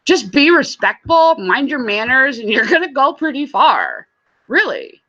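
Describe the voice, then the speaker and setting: A woman's voice: sits high, sing-song, a little slow, pushed and bright. A woman hosting a casual live stream, greeting viewers by name and chatting with frequent laughs, on slightly dull lo-fi audio. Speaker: live-stream host and reseller.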